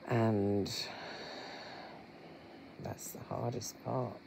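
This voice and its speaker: A middle-aged vlogger, talking earnestly and haltingly to viewers with many pauses. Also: medium pitch, fairly even intonation, vocal fry, background noise. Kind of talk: candid personal vlog talk.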